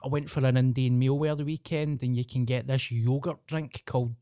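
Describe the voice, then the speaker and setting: A man's voice: medium pitch, steady tone, fairly quick, warm tone, clean tone, dry recording, clean studio sound. A Scottish man in his thirties with a Glasgow accent, hosting a podcast in sweary, self-mocking casual chat. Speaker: podcast host.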